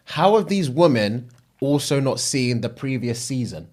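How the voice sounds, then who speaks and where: A man's voice: mid-range voice, animated, unhurried, darkish tone. A man, a podcast co-host in casual chat, putting questions to his friend. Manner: quizzing, posing would-you-rather questions.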